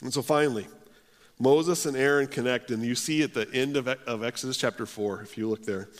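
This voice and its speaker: A man's voice: mid-range voice, a little fast. A male pastor preaching a sermon in earnest, often restarting his phrases. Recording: long hall reverb.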